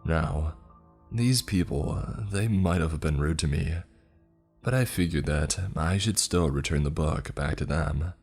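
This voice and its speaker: A man with an extremely deep, husky voice reads a first-person horror story aloud. He takes his time over each line, keeping an unhurried, measured pace while faint music plays underneath. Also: darkish tone.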